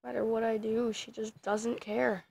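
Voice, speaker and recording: A woman's voice: fairly high pitch, level tone, normal speed, vocal fry, a little mellow, husky. A woman vlogging casually as she playfully teases her dog. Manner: playful, teasing. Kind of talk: casual chat.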